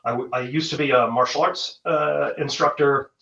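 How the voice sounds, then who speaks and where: A man's voice: mid-range voice, fairly even intonation, moderate pace, creaky, sharp tone, reverberant, recorded from a distance, highs cut off. A man, a guest author, chatting casually and self-deprecatingly, with frequent restarts. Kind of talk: casual interview chat.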